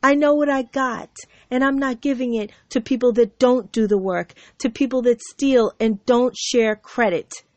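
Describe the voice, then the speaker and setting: A woman's voice: a little high, moderate pace, darkish tone, dry recording. A woman hosting her own show, delivering an aggrieved, sarcastic monologue with mocking asides. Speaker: show host. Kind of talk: ranting monologue to camera. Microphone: computer mic.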